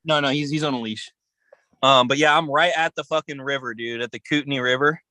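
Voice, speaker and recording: A man's voice: medium pitch, fairly even intonation, a little fast, sharp tone, no room sound, low-quality recording. A man co-hosting a podcast over a video call from his camper, talking in a profane, upbeat, rambling way. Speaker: podcast co-host. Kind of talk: casual chat. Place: camper by a river outdoors.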